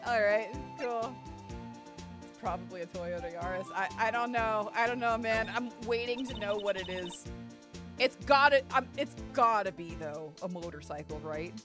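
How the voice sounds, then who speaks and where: A young woman streaming a game, chatting casually, excitable and sarcastic, swearing freely. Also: medium pitch, moderate pace. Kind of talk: casual gaming commentary. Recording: game music underneath. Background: game music.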